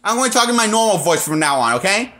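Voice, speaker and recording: A man's voice: sits high, big pitch swings, fast talker, pushed and bright. A man reviewing a movie in a casual, rambling rant, full of restarts and blunt, exasperated complaints. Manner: rambling, with frequent restarts and fillers. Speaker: movie critic.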